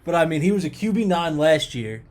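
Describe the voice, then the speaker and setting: A man's voice: fairly high pitch, fairly quick. A young man co-hosting a sports podcast, chatting casually and joking between points. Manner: joking, animated banter. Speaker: podcast co-host.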